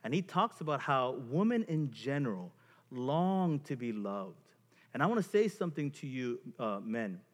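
Man speaker at a couples seminar, emphatic and lively, long echo of a big hall. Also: medium pitch, moderate pace. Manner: animated, emphatic, acts out examples. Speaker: marriage speaker.

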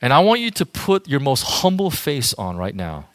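A man's voice: medium pitch, wildly swooping pitch, moderate pace, a bit bright. A man giving an informal sermon to a youth group as their pastor, talking directly and emphatically to the audience.

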